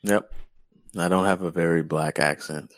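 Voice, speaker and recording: A man's voice: deep voice, steady tone, normal speed, no room sound. A man co-hosting a podcast in loose, joking casual chat, swearing freely. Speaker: podcast co-host.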